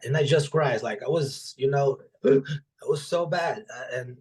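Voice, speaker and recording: A young adult man talks as a guest on a podcast, an author telling casual stories from his working life. His voice sits at an ordinary, middle pitch. He swears freely and jumps into other people's voices to act out what they said. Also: measured pace, a little hiss or hum. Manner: animated, profane, acts out quoted dialogue. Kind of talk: casual storytelling in conversation.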